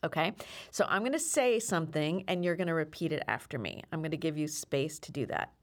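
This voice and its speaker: A woman's voice: sits low, expressive, brisk. A woman hosting a podcast, encouraging and upbeat, who leads listeners through affirmations. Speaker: podcast host and self-defense teacher.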